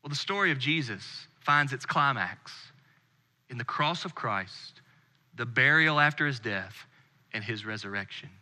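A man in his thirties from the United States preaching a sermon with earnest intensity, dropping to a hush on key phrases. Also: mid-range voice, animated, a little slow. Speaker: pastor. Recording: long hall reverb.

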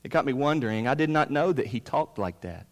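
A pastor in his thirties delivers a sermon, his voice rising forcefully on key points before sinking low. The sound rings with a long reverb, as in a large hall. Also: lively intonation, a little fast. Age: 30s. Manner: emphatic preaching, rising loud on key points and dropping low.

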